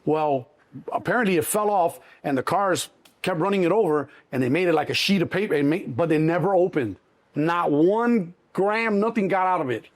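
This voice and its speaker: A middle-aged man with a Chicago accent, telling a story in an interview, animated and swearing freely, acting out the other voices. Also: a little high, moderate pace. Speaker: interview guest. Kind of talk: casual storytelling.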